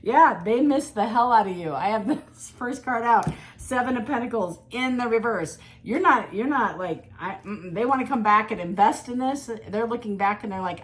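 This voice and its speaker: A woman reading tarot cards in a casual, animated monologue, acting out quoted voices and laughing often. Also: fairly high pitch, normal speed, hardly any pauses. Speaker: tarot reader.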